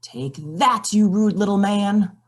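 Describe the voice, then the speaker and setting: A woman voicing a prim, stern witch who speaks slowly and threatens. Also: medium pitch, pitched above the performer's own voice. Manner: prim, slow and menacing.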